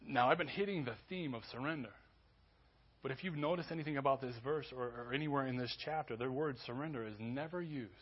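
A man preaching a sermon as pastor, conversational with restarts, building to loud emphasis. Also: medium pitch, quick pace, slightly rough, highs cut off. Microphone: church sermon recording.

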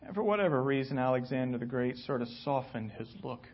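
A male pastor giving a sermon, telling stories dramatically and slowly. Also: mid-range voice, animated, husky. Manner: dramatic storytelling, slow and deliberate. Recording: dull lo-fi recording.

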